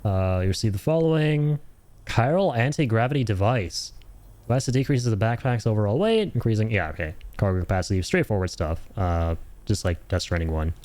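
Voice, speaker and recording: A man's voice: fairly low pitch, a little fast, few pauses, darkish tone, dry recording. A young man casually commentating his gameplay on stream, chatty and enthusiastic, reading menu text aloud. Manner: chatty, enthusiastic, laughs often.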